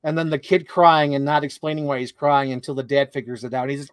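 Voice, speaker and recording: A young man co-hosting a casual movie chat, rambling and swearing, quick to laugh. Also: a little high, steady tone, clean tone, no echo. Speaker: podcast co-host.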